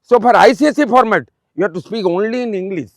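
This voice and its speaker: Elderly Odia man, high voice, dry. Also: no room sound. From Odisha, India. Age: 80s. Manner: repetitive, fatherly, pauses with um. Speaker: retired school principal giving a speech. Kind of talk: motivational speech to students.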